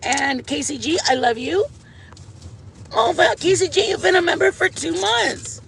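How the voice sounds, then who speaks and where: A man's voice: very high-pitched, animated, measured pace, creaky, a bit bright, slight background noise. A man hosting a casual livestream on wireless earbuds, gushing and affectionate, swearing playfully at his viewers. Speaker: livestream host.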